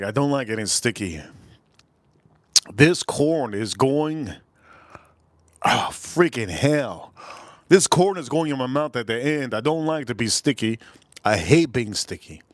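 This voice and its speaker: A man's voice: medium pitch, expressive, measured pace, pauses often, no room sound. A man from Miami rambling crudely and joking while eating on a live stream. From Miami, Florida. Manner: rambling, crude, joking, talks with food in mouth. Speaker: livestream food reviewer.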